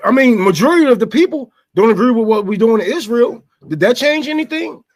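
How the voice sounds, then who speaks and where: In an unscripted political rant, a male show host with a high voice speaks directly to his audience, animated and a little fast. He swears freely, fires off rhetorical questions, and stammers over repeated words.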